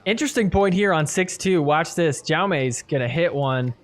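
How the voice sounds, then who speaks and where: A man with a slightly higher voice talks through match replays in casual play-by-play commentary. He stays relaxed between points, then his voice jumps up when a rally gets wild. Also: normal speed. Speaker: podcast host recapping matches. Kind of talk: play-by-play video recap commentary.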